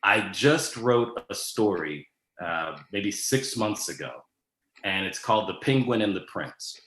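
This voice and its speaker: Easygoing and casual, a male guest fields questions, often stopping on an um or starting a sentence over while he thinks. His voice is fairly low yet bright and forward. Noticeable echo fills the room.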